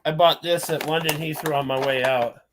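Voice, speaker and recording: A man's voice: fairly high pitch, steady tone, fairly quick, background noise. Easygoing man chatting casually. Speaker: co-host. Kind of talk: casual chat.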